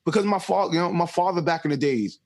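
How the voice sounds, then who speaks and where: A man's voice: fairly high pitch, fast talker. A man in his thirties hosting a podcast, talking emphatically and swearing freely in casual conversation. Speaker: podcast host.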